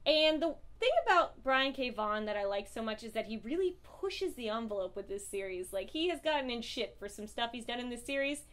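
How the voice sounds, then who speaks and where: A high-pitched young woman talks straight to camera about comic books. She is blunt and swears freely, gushing over what she loves and raging at what she hates. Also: lively intonation, fairly quick, hardly any pauses, fairly bright tone. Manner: profane, impassioned and blunt. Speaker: comic book reviewer. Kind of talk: casual review vlog.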